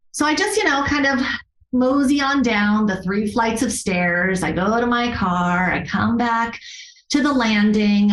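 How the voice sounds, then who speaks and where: A yoga therapist appears as a podcast guest to share a personal story, speaking earnestly and from the heart and frequently restarting sentences. Her voice is mid-range and fairly bright. The recording is low quality and reverberant.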